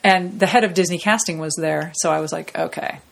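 A middle-aged woman, a voice actress, telling stories in a relaxed interview and acting out the people she quotes. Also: lowish voice, a little fast, creaky. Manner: lively anecdotal, acts out quoted people in shifting voices. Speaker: voice actress guest. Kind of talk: casual storytelling interview.

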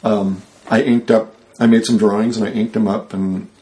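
A man in a casual interview, telling a rambling, animated story and acting out the people he quotes. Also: lowish voice, moderate pace. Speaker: guest.

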